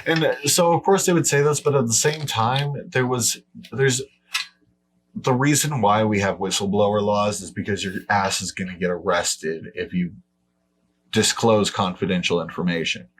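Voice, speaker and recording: Male podcast host, lowish voice, blunt and profane, dismissive in casual debate. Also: normal speed, a little hiss or hum.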